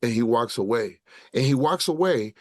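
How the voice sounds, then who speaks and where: Animated male storyteller with street slang. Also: medium pitch, normal speed. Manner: animated storyteller, acts out quotes, says "bro" and "brother" often. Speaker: podcast guest, actor. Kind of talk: casual storytelling in an interview.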